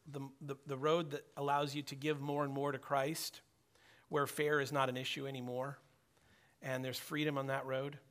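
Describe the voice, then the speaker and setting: Bright, animated middle-aged male preacher. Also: medium pitch. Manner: conversational preaching that acts out prayers and dialogue. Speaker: pastor. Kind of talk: sermon.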